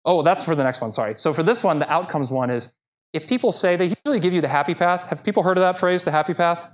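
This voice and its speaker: A man's voice: a little high, fast. A man giving a conversational conference presentation who speaks directly to the audience with plenty of energy. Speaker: speaker at a live professional talk. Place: presentation room. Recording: dull lo-fi live talk recording.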